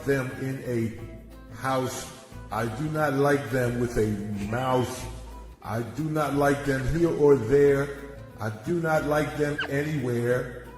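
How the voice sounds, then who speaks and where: A man plays a cartoon football player slowly chanting a kids' rhyme in singsong. The clip sounds roomy and echoey, with loud music running under it. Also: medium pitch, steady tone, lightly acted. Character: grown male football player reciting a children's rhyme.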